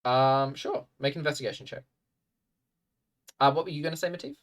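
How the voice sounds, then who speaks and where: A man narrating as game master of a tabletop game, halting and full of fillers. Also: fairly high pitch, distant mic.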